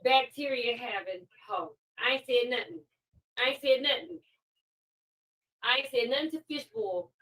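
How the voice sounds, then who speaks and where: High, bright-voiced woman ranting on a livestream. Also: moderate pace, long pauses. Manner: fiery, repetitive ranting, rhetorical questions. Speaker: live-stream host. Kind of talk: heated live-stream commentary. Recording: distant mic.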